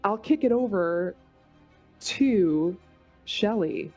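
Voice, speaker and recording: A woman's voice: mid-range voice, expressive, very slow, a little mellow, lo-fi sound, soft background music. A woman player in a tabletop game, chatting casually and upbeat, with filler words. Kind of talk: casual chat.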